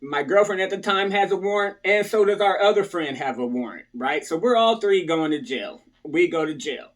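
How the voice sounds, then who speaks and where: A man with a high-pitched, expressive voice talks at a normal speed, casually telling viewers about his past. He keeps tagging lines with "right?" and acts out what other people said.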